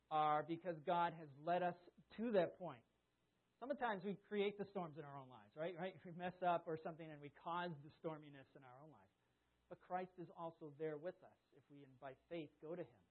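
A man with a fairly high voice delivers a conversational sermon, putting questions to his congregation and loudly acting out the lines he quotes. The sound is thin and tinny, as if it came over a phone line. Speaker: preacher. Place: church service with a congregation.

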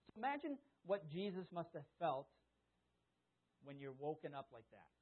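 A man preaching a conversational sermon at a church service, asking the congregation questions and acting out quotes loudly. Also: on the high side, very animated, moderate pace, breathy edge. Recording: tinny, phone-like sound.

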